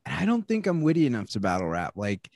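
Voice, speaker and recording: A young man co-hosting a podcast, telling a story in casual chat, animated and laughing, swearing often. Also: medium pitch, fast talker, dry recording, clean studio sound. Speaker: podcast co-host.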